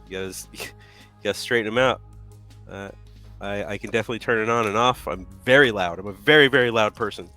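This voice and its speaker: A man co-hosting a live painting stream, telling stories in a loud, animated way and laughing often. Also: on the low side, fast, faint music behind. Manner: animated storyteller, acts out yelling, laughs a lot. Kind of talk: casual chat, telling stories.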